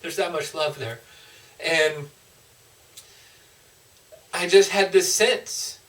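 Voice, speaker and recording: A man's voice: on the high side, slow, fairly bright tone, distant mic, low-quality recording. A man, a motivational speaker, telling an emotional personal story in an earnest, heartfelt way with frequent restarts.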